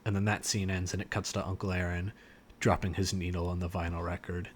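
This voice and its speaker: A man's voice: deep voice, level tone, fairly quick, slightly rough. A man co-hosting a podcast, retelling a scene in casual chat with lots of fillers and restarts. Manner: rambling, many fillers and restarts. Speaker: podcast co-host.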